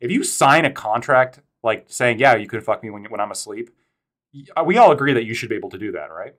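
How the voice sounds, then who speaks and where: A man in a live-streamed debate who pushes back with quick hypothetical scenarios. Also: medium pitch, lively intonation, a bit bright.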